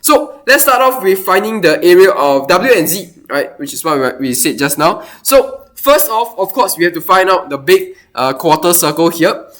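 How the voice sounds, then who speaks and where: A man's voice: high-pitched, lively intonation, moderate pace, hardly any pauses, a bit bright. A man explaining a math problem step by step, thinking aloud with lots of exclamations. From Singapore. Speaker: math teacher.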